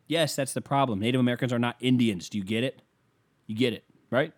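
A man's voice: mid-range voice, fast talker. A man doing a rambling, profane stand-up rant, talking casually and losing his thread at times. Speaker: comedian.

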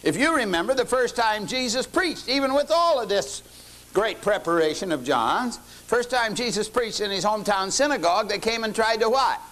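A man's voice: sits high, lively intonation, normal speed, fairly bright tone. An older man teaching a lecture-style sermon, folksy, often quizzing his listeners with questions. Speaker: lay teacher.

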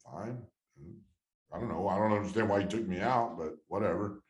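A man in his thirties with a very low voice, recalling his playing days in a loose, rambling way that keeps restarting. The talk is heartfelt and easy. The room is echoey and lively around him. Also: moderate pace. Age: 30s. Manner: rambling, emotional storytelling with many restarts. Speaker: former baseball player, guest. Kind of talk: casual storytelling interview.

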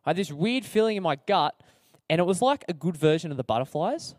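A young man with an Australian accent tells his story casually, full of slang and fillers and laughing at himself. His voice sits a little high for a man, and the recording is dry, with no room sound. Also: animated, brisk, a little mellow, dry recording. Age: young adult. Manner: chatty, slangy, self-deprecating, many fillers. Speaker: speaker sharing his testimony.

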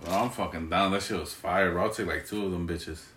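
A man's voice: low-pitched, steady tone, a little fast, a bit bright, echoey room, recorded from a distance, slight background noise. A young man swearing and talking slang in casual chat with friends.

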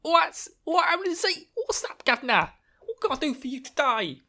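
A man putting on a squeaky cheeky young hero. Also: big pitch swings, brisk, pushed and bright, heavily acted. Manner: chummy, mock-innocent, high squeaky.

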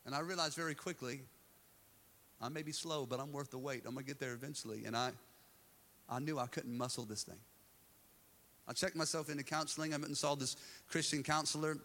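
A man's voice: on the high side, steady tone, brisk, bright, forceful tone. A male pastor preaching to a live church congregation, telling a candid personal story with self-deprecating humor. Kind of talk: sermon.

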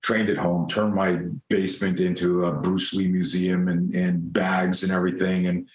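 A man's voice: deep voice, normal speed. Roomy-sounding older man telling stories. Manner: animated, self-mocking, swears freely. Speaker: guest. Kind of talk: casual storytelling. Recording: roomy echo.

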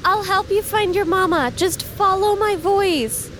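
A caring young adventurer, played by a woman, shouts into a storm in a voice pitched well above her usual one. Her calls come out loud and anxious, and a soft hiss sits under the recording. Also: measured pace, low-quality recording. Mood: calling out. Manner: calls out loudly and anxiously in a raised voice.

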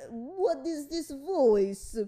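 A woman's voice: sits high, sing-song, drawn-out words, mellow, voice pushed up, exaggerated voice. A woman putting on an exaggerated comic Italian-sounding voice, drawn out and over the top. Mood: hammy.

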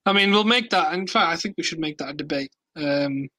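A man with a fairly high, bright voice hosts a casual football podcast. His jokes are dry and self-deprecating, and the sound is close and dead. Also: a little fast, no room sound, rough recording. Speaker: podcast host.

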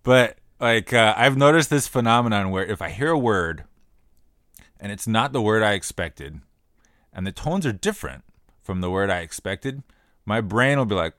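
A man with a fairly low voice talks through ideas in an easygoing podcast chat, circling back and repeating phrases as he thinks. The sound is close and dry, with no room around it. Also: normal speed, no room sound. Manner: relaxed, repeats phrases while explaining. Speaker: podcast co-host. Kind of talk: casual explanatory chat.

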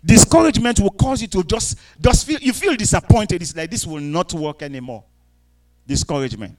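A man preaching a sermon, dropping to quiet asides and rising to loud, drawn-out scripture readings, asking the congregation to answer back. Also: sits high, animated, poor audio. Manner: calls out to the congregation for responses.

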